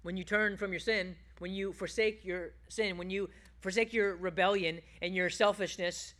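A man preaching a sermon as a pastor, shifting between loud, emphatic bursts and hushed, low passages. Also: fairly even intonation, moderate pace.

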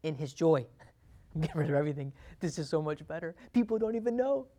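A man delivers a relaxed, conversational Bible sermon, often laughing softly between points. His voice sits a little high for a man, and he jumps even higher when he plays out quoted lines. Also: a little fast. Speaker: preacher.

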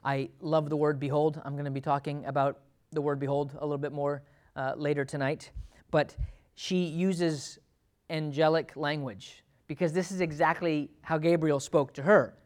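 A man's voice: fairly high pitch, fairly even intonation, normal speed. Male pastor preaching with dynamic swings. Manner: dynamic preaching, swings from loud emphatic to hushed. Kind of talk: sermon.

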